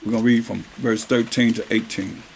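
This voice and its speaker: A man preaching a sermon, reading scripture verses slowly and then explaining them in casual everyday speech, with questions to his listeners and drawn-out emphasis. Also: lowish voice, little pitch movement, gravelly, a little hiss or hum.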